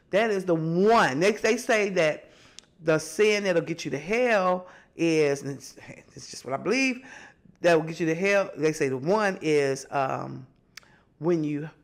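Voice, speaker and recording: A woman talks through her own podcast in an animated, preaching way, her pitch rising and falling widely. She sounds slightly stuffy from allergies. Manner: animated, preachy, sings a phrase, mimics voices. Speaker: podcast host. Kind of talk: casual commentary.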